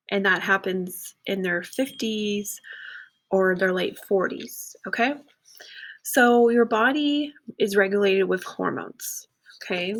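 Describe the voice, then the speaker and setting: Woman teacher, casual class talk, lots of okays and ums. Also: medium pitch. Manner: casual, repeats "okay" and "um" often. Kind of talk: classroom lesson to students.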